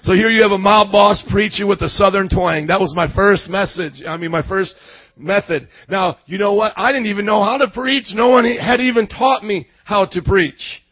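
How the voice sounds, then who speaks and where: A man preaching, telling his story in a sermon, from quiet storytelling up to shouted passion. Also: high-pitched, normal speed, breathy edge, dry recording, lo-fi sound. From Indiana suburb. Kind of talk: sermon testimony.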